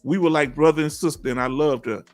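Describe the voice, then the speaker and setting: A middle-aged man with a fairly high voice chats casually with his viewers. He reads their comments aloud and answers them in a folksy, encouraging way. Faint music plays underneath. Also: fast talker. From Houston, Texas. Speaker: livestream host. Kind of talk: casual livestream chat.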